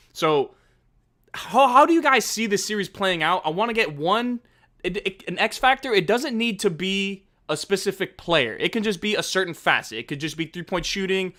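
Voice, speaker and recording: A man's voice: on the high side, pushed and bright. A man hosting a casual sports podcast, upbeat and chatty. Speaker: podcast host.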